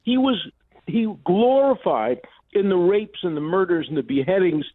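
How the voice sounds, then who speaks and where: An older man, a law professor guest on a phone-in interview, speaking forcefully and indignantly, with emphatic repetitions. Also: high-pitched, lively intonation, moderate pace, no room sound. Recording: dry tinny phone line.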